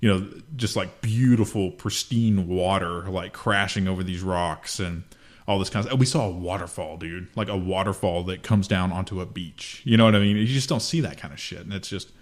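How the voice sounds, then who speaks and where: A young man with a very deep voice chats on a casual podcast. He speaks in a relaxed, reflective way, with plenty of "like" and "you know" as he thinks aloud. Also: normal speed. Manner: laid-back, reflective, filler-heavy. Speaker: podcast co-host. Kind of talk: casual chat.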